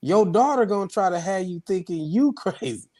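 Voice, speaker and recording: A man talking on a casual radio show, laughing often as he tells stories. His voice is high and moves a lot in pitch. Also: expressive, normal speed, darkish tone. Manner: laughing, storytelling.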